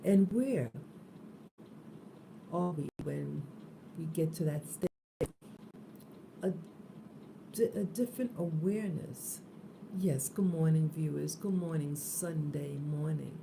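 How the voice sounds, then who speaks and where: A woman hosting an early morning spiritual live stream, soft-spoken and drowsy, just woken up, talking into a phone held close in a room with an open window. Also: sits low, slow, gravelly, pauses often, noisy background.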